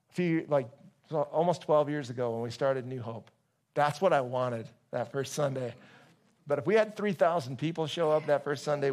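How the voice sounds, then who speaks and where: A male pastor preaching a casual, joking sermon to his congregation, with many restarts. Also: a little high.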